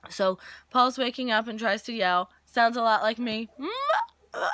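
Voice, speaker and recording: A woman in her twenties casually recapping a soap opera episode, animated and jokey, acting out characters' lines while losing her voice. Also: on the high side, moderate pace, no room sound. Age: 20s.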